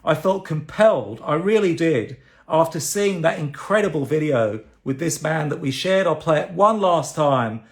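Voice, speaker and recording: A man's voice: a little high, lively intonation, moderate pace. A man giving an urgent, indignant address on a live video and repeating phrases for emphasis. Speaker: campaign advocate on livestream.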